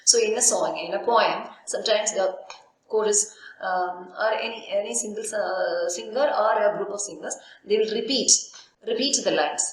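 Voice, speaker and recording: Speaking at normal speed in a medium pitch, a woman lecturer at a university records a literature lesson, asking and answering her own questions and saying "okay" a lot. The room echoes heavily and there is slight background noise.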